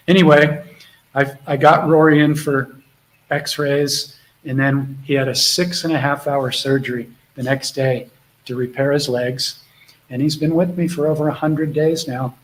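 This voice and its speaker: A man's voice: a little high, poor audio. A middle-aged man hosting a live spiritual Q&A from home, chatting casually and affectionately with viewers. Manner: affectionate, rambling, talks softly to his dog. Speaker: host of a live spiritual Q&A call. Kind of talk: casual live-stream chat.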